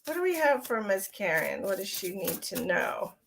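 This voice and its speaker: A woman's voice: mid-range voice, big pitch swings, moderate pace, creaky, noisy background. A middle-aged woman, chatting casually and rambling on a live stream as a psychic medium, giggly and affectionate with her viewers.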